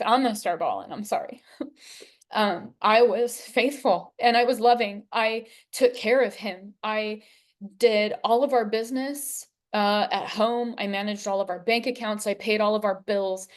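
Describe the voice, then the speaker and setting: A woman in her forties giving an earnest, emotional personal testimony as an interview guest, unhurried, with long pauses. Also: mid-range voice. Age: 40s.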